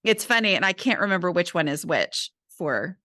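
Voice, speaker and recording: A woman's voice: on the low side, very animated, moderate pace, pushed and bright, no room sound. A woman hosting a podcast, chatting casually and laughing easily, saying "y'all" to her listeners. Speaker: podcast host.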